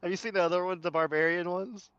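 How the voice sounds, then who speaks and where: Low-voiced young woman, excitable. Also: fast, muffled recording. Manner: enthusiastic, swearing, laughing. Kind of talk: casual chat.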